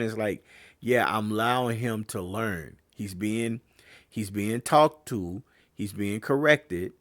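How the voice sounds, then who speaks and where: A man with a fairly low voice hosts a sports podcast, talking in a casual, animated rant and addressing his listeners directly. The sound is dry and close, with almost no room echo. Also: measured pace. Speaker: podcast host and youth sports trainer. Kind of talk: casual opinion monologue.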